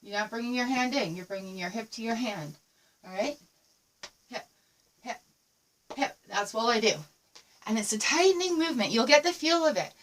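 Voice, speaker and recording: An encouraging woman dance teacher leads a home lesson, calling out counts and cues while she moves. Her voice sits a touch high, a little breathless, and it reaches the mic from across the room. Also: expressive, fairly quick, far from the mic, a little hiss or hum. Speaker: dance instructor. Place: room at home with a squeaky floor.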